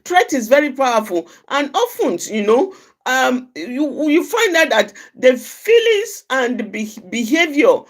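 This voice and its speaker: A woman speaks earnestly in a reflective outreach talk. Her voice sits fairly high and moves animatedly up and down. She often circles back and repeats a phrase to drive the point home. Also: sing-song, takes it slowly. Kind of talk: personal reflective talk on anger.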